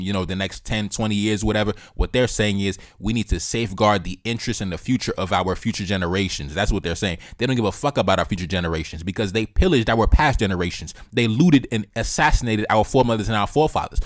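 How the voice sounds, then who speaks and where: A man's voice: lowish voice, no room sound. A man hosting a reaction video, giving heated political commentary in a blunt, profane way and repeating his key points, close to the mic.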